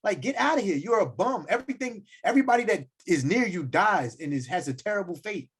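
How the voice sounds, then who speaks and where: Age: adult. Sex: man. Style: animated slangy podcast rant, lively pitch, slightly husky. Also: fairly quick. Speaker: podcast co-host. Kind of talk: casual chat.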